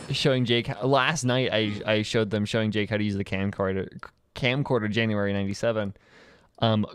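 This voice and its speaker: A man's voice: fairly low pitch, clean tone. A young man streaming a game, chatting casually with his chat in a rambling way, laughing often and full of fillers and restarts. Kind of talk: casual chat while gaming, reading chat.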